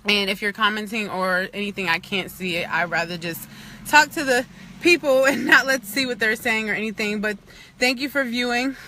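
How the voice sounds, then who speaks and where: A woman's voice: mid-range voice, moderate pace, pushed and bright, a little hiss or hum. A woman vlogger telling a personal faith testimony in a chatty way, full of "like" and "you know," earnest and at times near tears. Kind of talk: casual testimony on a livestream.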